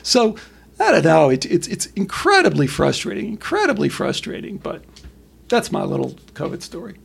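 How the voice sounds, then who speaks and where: A middle-aged man talking as a podcast guest, blunt and profane, telling stories in an animated way. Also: high voice, moderate pace, creaky, a little hiss or hum. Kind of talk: casual conversation.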